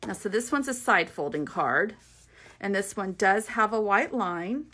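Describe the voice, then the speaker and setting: A woman's voice: medium pitch, lively intonation, unhurried, pushed and bright. A woman giving a casual, upbeat craft tutorial, chatting to viewers as she walks through a card kit. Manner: chatty and upbeat, many fillers and asides. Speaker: craft demonstrator.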